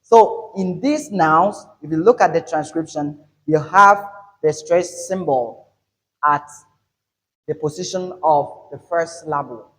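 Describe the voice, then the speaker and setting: A man teaching an English pronunciation lesson, explaining step by step, repeating his points and stressing example words loudly. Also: on the high side, slow pace, rough recording.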